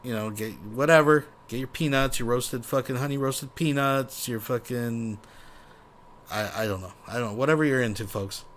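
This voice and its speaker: A man's voice: medium pitch, normal speed, a bit bright, slight background noise. Male commentary host, profane and rambling, sarcastic, medium voice. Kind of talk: casual reaction commentary.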